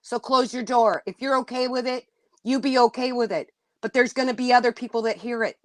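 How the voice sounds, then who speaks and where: A woman's voice: on the high side, fairly even intonation, fairly quick, dry recording. A woman hosting a livestream, venting bluntly and indignantly to her chat, cursing now and then. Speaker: livestream host.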